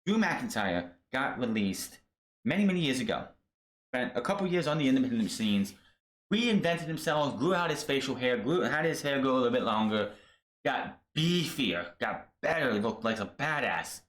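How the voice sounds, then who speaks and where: A man's voice: mid-range voice, big pitch swings, moderate pace, fairly bright tone. A man hosting a wrestling podcast, ranting casually with lots of swearing and stumbling restarts over names.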